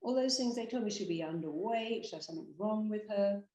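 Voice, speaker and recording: A woman with a British accent, a therapist giving an emphatic, animated motivational talk straight to the camera. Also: mid-range voice, fairly quick, reverberant, highs cut off. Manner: emphatic, animated storytelling with acted quotes. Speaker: therapist and hypnotherapist.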